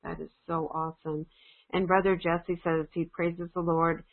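Woman, lowish voice, earnest careful reader, tinny phone audio. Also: level tone, normal speed. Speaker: prayer-call member reading praise reports. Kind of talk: reading praise reports aloud.

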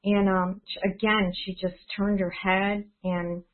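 A woman's voice: medium pitch, level tone, unhurried. A woman tells her church a personal testimony, stumbling through false starts. Her voice comes through a thin, phone-like line. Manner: hesitant, many restarts and fillers. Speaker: church member sharing praises. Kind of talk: casual testimony.

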